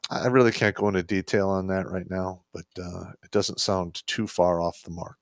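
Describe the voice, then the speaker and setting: Man, very deep voice, dry sound, laid-back stream co-host. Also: fairly even intonation, moderate pace, no room sound. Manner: laid-back, short agreeing replies. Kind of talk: casual live stream chat.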